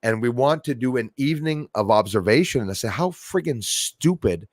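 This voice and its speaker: Male stream host, loose and rambling, swears a lot, mid pitch, dry mic. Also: animated, normal speed, dry recording. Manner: rambling, emotional, swears freely. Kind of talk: casual livestream chat.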